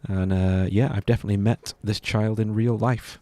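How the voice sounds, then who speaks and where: A man's voice: lowish voice, steady tone, normal speed, mellow, no room sound. A man streaming a video game, reading dialogue aloud and laughing often in casual commentary. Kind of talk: casual let's-play commentary.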